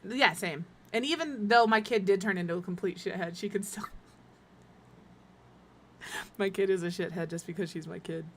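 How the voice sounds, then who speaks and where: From a room at home, a middle-aged woman streams live while building in a life-sim game, chatting casually with viewers and her cat with self-deprecating humor. Her voice is medium-pitched at a moderate pace, with long pauses.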